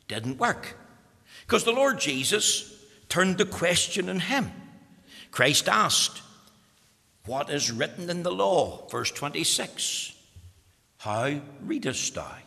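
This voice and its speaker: A male preacher delivers a sermon in a bright, forceful voice that rises and falls with lively emphasis. His pitch sits a little high for a man, and his words ring out with a long echo as if filling a large church hall. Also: gravelly. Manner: emphatic, explanatory preaching to young listeners.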